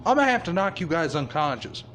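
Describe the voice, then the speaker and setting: A man's voice: on the high side, sing-song, fast, fairly bright tone, a little hiss or hum. A man casually improvising a fan-fiction story, swearing freely and chuckling.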